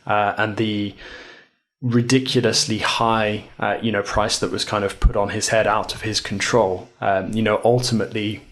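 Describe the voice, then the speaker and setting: A man's voice: lowish voice, level tone, moderate pace, fairly bright tone, a little hiss or hum. A man discussing football on a podcast, eager and thoughtful, circling his points with lots of fillers. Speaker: football pundit. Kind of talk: casual football podcast chat.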